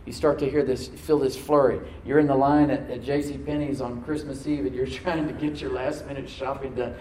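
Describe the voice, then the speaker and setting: A man preaching a sermon as pastor, talking conversationally and dropping to soft, prayerful tones. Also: medium pitch, little pitch movement, a little fast, a little hiss or hum. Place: church sanctuary. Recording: roomy hall, mic at a distance.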